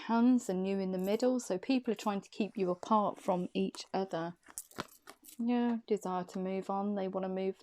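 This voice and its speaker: A woman's voice: mid-range voice, mellow, slight background noise. A woman giving an intuitive tarot reading to the viewer, thinking aloud as she interprets each card in a loose, wandering way.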